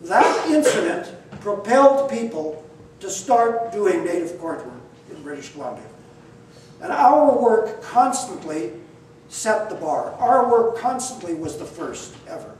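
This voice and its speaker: An older man telling a story to an audience in an animated, blunt and wry way, acting out the dialogue. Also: sits high, measured pace, a little hiss or hum. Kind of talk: lively spoken storytelling. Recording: very echoey, mic far off, faint ambience.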